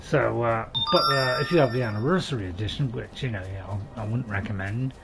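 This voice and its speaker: Over loud music, a male gaming-channel host talks a little fast at medium pitch with vocal fry. He chats through gameplay, mocking himself with dry humor while hesitating, restarting, and using plenty of fillers.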